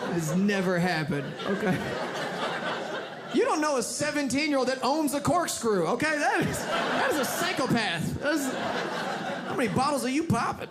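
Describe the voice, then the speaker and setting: A young man performing stand-up comedy in a club, telling an animated story and acting out characters. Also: extremely high pitch, normal speed. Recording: live club with loud crowd laughter and noise.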